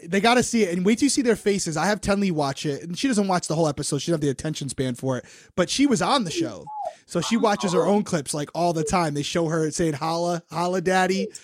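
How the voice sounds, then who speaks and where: Earnest high-voiced male host, dry sound. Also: quick pace, dry recording. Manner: earnest and reflective. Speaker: podcast host. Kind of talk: casual chat.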